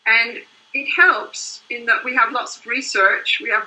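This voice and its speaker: A woman's voice: a little high, unhurried, bright, forceful tone, poor audio. An older woman, a couples therapist, explaining her work in earnest, flowing interview answers. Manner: earnest, explains in long flowing runs with "you know" and "right?".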